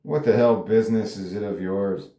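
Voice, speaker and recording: A man's voice: on the low side, steady tone, normal speed, dark tone, natural voice. A man reading the part of a weary, old-school male TV newsman, with a curt, sarcastic delivery. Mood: gruff. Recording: roomy echo.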